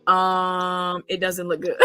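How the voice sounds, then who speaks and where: A woman's voice: fairly low pitch, monotone, takes it slowly, fairly bright tone, clean tone, no echo, soft background music, rough recording. A middle-aged woman hosting a casual conversational show, talking emphatically with rhetorical questions and frequent ums and restarts. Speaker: podcast host.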